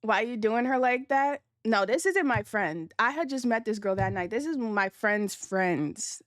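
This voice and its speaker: A woman's voice: fairly high pitch, unhurried, fairly bright tone, dry recording, studio quality. A young adult woman livestreaming, telling a casual story to her chat in slangy, profane speech and laughing as she goes.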